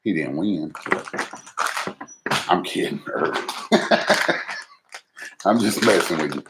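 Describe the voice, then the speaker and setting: With a low, expressive voice and a slow pace, the host talks casually to viewers during his live cooking stream. He's folksy and teases himself as he cooks, captured in a noisy home recording.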